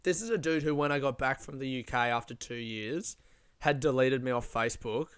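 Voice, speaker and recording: A man's voice: mid-range voice, brisk, a bit bright, smooth, no echo, clean studio sound. A young Australian man, a stand-up comedian, rambling through a profane, self-mocking casual monologue.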